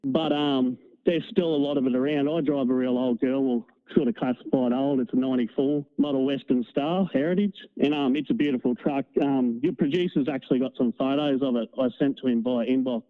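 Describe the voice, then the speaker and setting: A man with a North Queensland Australian accent, a truck driver calling in to chat, relaxed and talkative. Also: medium pitch, a little fast, few pauses. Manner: chatty, relaxed, uses mate and no worries. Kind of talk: casual phone call. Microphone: phone. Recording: tinny phone line.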